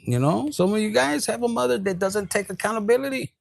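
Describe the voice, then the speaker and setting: A man giving a collective tarot reading. He talks in a profane, animated way and drops into Spanish. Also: high voice, a little fast, vocal fry, no echo. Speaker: tarot reader.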